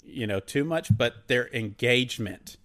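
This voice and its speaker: A man co-hosting a casual sports podcast, animated and mocking, laughing as he talks. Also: mid-range voice, a little slow. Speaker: podcast co-host.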